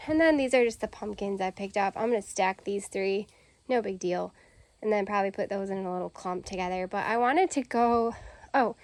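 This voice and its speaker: Chatting eagerly to her viewers, a home and garden vlogger tours her plants and porch decor outside on her deck. Her voice sits in the mid range, and the recording is dry and low in quality.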